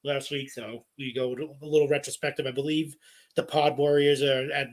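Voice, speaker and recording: A man co-hosting a casual wrestling podcast, playful and quick to laugh. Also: mid-range voice, little pitch movement. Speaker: podcast co-host.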